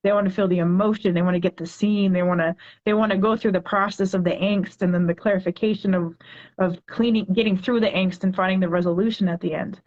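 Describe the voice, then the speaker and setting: Woman in her forties, poet guest, chatty animated storyteller, fillers, slightly muffled podcast sound. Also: mid-range voice, fast. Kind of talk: casual interview chat.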